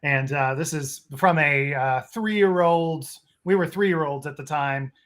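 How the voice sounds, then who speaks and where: A man's voice: fairly high pitch, measured pace, a bit bright. A man from Southern Illinois chats casually as co-host. He talks in a folksy, joking way. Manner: folksy, jokey. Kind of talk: casual chat.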